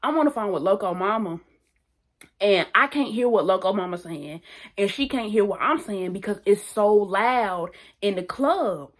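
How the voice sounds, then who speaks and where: A young woman vlogger telling a story in a casual, animated and slangy way, often repeating phrases. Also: mid-range voice, normal speed. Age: young adult.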